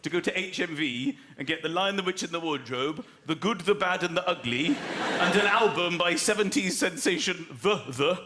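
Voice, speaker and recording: A man from the South of England doing a stand-up comedy routine, animated and acting out characters in silly voices. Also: high-pitched, moderate pace. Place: theatre stage before a laughing audience. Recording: echoey live venue with loud crowd noise.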